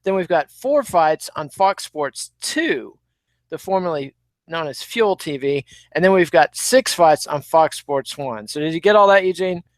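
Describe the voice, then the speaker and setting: A man hosting a fight podcast with a slightly high voice, recorded close and dry with no room sound. He moves briskly through the fight list. His asides are wry. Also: expressive, no room sound. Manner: runs the card, brisk and wry. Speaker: podcast host. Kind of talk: casual chat.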